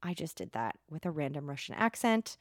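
Woman podcast host, quirky and playful, lowish voice, dry close sound. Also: very animated, fairly quick, no room sound. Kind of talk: casual faith podcast monologue.

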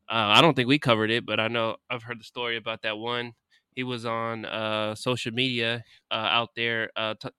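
A man's voice: lowish voice, sharp tone, smooth, no echo. A man co-hosting a podcast, chatting casually and ranting bluntly with lots of profanity. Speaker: podcast co-host. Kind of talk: casual chat. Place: Houston.

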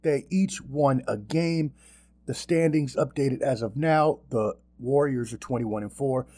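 A man hosting a podcast in casual sports chat, animated and profane, with mocking asides. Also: medium pitch, measured pace. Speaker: podcast host.

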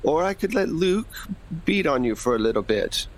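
A man's voice: fairly high pitch, sing-song, moderate pace, pitched above the performer's own voice. A man playing a stern undercover detective with a put-on American accent, firm and commanding.

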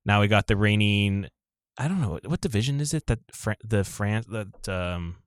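A man's voice: lowish voice, lively intonation, normal speed, no room sound, clean studio sound. A young man with a Canadian accent hosting a casual sports podcast, teasing his co-hosts with jokey banter. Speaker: podcast host.

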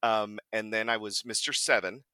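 A man's voice: on the low side, normal speed, clean tone, dry recording. A man, a voice actor guest, telling stories in a casual podcast chat, acting out quotes and laughing often. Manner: animated storyteller, acts out quotes, laughs often.

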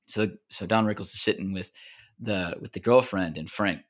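A man's voice: low-pitched, normal speed. A man co-hosting a podcast, telling jokes in casual chat with lots of fillers and restarts. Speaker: podcast co-host.

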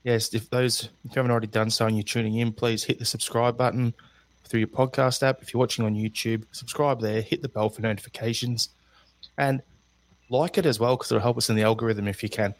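An Australian man hosts a podcast in a relaxed, chatty way. His voice sits at a middle pitch and is recorded dry and close to the mic. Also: brisk, dry recording. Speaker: podcast host. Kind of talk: casual podcast chat.

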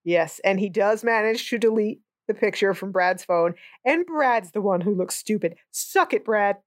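A woman's voice: mid-range voice, moderate pace, no echo, studio quality. A woman co-hosting a movie podcast in a casual chat, wry and sarcastic, laughing often. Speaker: podcast co-host.

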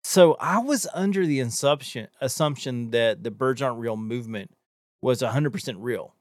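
A man's voice: medium pitch, moderate pace, no echo, studio quality. A man chatting casually as a podcast co-host, rambling with many fillers and restarts. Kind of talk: casual chat.

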